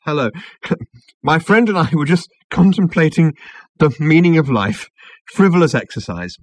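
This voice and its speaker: An excitable, eccentric man, as the audiobook reader puts him on, pushed up high and loud, with a husky, breathy edge. His pitch swings wildly as he rushes on, manic and theatrical. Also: dry recording. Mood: breathless, cheery. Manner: spells out letters in rising frenzy.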